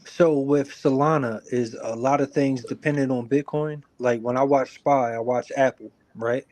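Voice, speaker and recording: A man's voice: mid-range voice, fairly even intonation, moderate pace, darkish tone. A man co-hosting over online voice chat, bantering bluntly and swearing freely. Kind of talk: casual chat.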